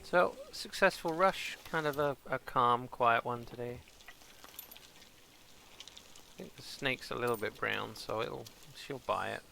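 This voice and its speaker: There's a sharp tone to this medium-pitched male voice, which is a little slow, carries vocal fry, and pauses often over slight background noise. He's a British streamer from England with a son. Streaming from home in front of a green screen, he chats casually through a game, rambling and talking back at its characters.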